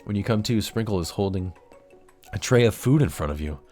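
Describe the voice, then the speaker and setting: Low, lively man reading a game. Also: fairly quick, faint music behind. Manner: joking, reads the game text in a lively way. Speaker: gamer reading a visual novel aloud. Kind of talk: casual let's-play narration.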